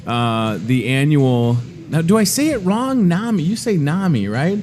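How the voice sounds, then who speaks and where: A man's voice: fairly high pitch, sing-song, unhurried, darkish tone, a little hiss or hum. A man in his thirties hosting a live store segment, chatty and joking about himself as he talks with a guest. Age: 30s. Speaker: host. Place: inside a grocery store.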